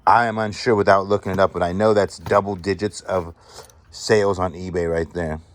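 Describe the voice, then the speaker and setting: Deep-voiced man excitedly sorting finds. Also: a little fast. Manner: excited, chatty, appraising items aloud. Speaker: vlogger sorting a storage unit find. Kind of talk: casual show-and-tell commentary.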